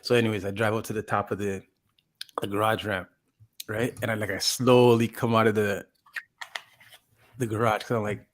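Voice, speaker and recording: A man with a fairly low voice tells a long, winding story in casual chat. He rambles, restarts his sentences and fills them with "like" as he acts out what people said. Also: flat delivery, normal speed, pauses often. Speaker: podcast co-host.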